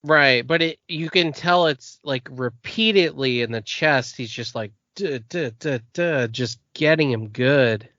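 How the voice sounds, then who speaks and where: A man co-hosting a podcast in relaxed casual chat, laughing often. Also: mid-range voice, a little slow, hardly any pauses, no echo. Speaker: podcast co-host. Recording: dull lo-fi podcast audio.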